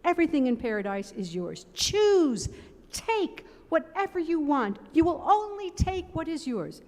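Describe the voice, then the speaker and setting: A woman reading aloud and voicing a loving, tender male judge of heaven who speaks gently and earnestly. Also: high-pitched, big pitch swings, a little slow, voice pushed up. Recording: long reverb of a large sanctuary.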